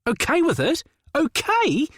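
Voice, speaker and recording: A man voicing an angry, blunt young adult brother in an audiobook, talking in exasperated, sharp outbursts. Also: mid-range voice, lively intonation, moderate pace, no echo, studio quality, natural voice. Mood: indignant. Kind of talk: audiobook character voice.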